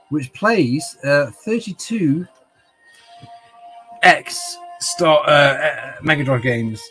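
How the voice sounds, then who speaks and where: A man with a middling voice talks slowly and loosely, a little tipsy, rambling between topics as he hosts a relaxed home livestream. Faint game music plays quietly behind him. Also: fairly high pitch. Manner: rambling, chatty, greets viewers by name. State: slightly tipsy from wine. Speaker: livestream host. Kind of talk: casual livestream chat.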